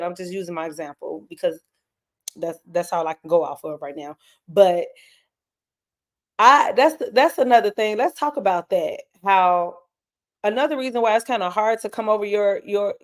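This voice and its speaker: Woman in her 30s, tearful live-stream host, speaks candidly to her viewers. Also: medium pitch. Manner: candid, emotional, talks straight to her chat. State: tearing up. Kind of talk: casual live stream chat.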